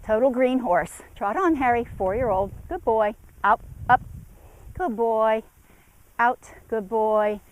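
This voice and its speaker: A woman's voice: fairly high pitch, slow pace, poor audio. A woman horse trainer giving an instructional demonstration in an outdoor arena, calling commands to a horse between her explanations.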